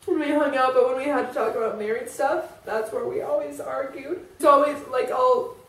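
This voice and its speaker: High-voiced woman in a rambling vlog. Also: steady tone, moderate pace, a bit bright. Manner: rambling, emotional, many fillers. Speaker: vlogger. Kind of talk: personal confessional vlog. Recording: echoey room, voice from a distance.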